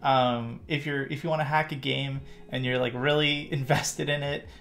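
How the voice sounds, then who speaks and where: A man's voice: medium pitch, level tone, normal speed, gravelly, fairly bright tone. A man with a Canadian accent hosting a casual panel discussion, joking and chuckling between his points. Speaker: host. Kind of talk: casual livestream panel chat.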